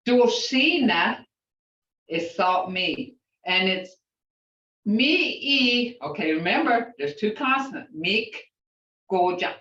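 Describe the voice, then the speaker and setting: A woman's voice: medium pitch, fairly bright tone. An older woman teaching a language class, sounding words out syllable by syllable with chatty asides. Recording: echoey, distant, dull sound.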